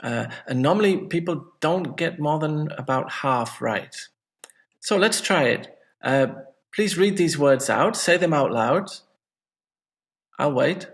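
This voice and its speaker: Gravelly-voiced male English teacher. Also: a little high, lively intonation, slow. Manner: friendly, chatty, self-mocking asides. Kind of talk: casual video lesson.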